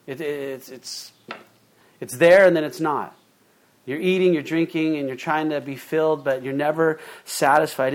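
A male pastor preaching a sermon in a conversational way, reading scripture and then retelling it in plain, casual words with fillers and restarts. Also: on the high side. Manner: reads scripture aloud, then paraphrases it informally.

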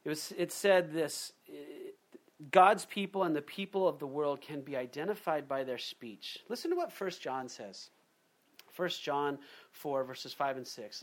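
A man preaching a sermon in a conversational, animated way, acting out little quotes as he goes. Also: on the high side. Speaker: pastor.

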